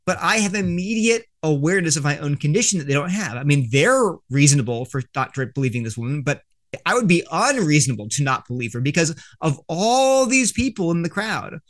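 A man's voice: a little high, big pitch swings, fairly quick. A man, an author and guest, earnestly explaining an argument in an interview, often restarting his sentences.

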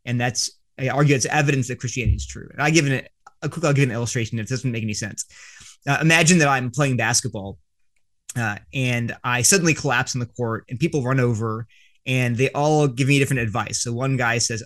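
Author guest: earnest man with a middle pitch, explaining step by step. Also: fast, a bit bright. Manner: earnest and explanatory, with frequent restarts. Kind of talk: explaining an argument in an interview.

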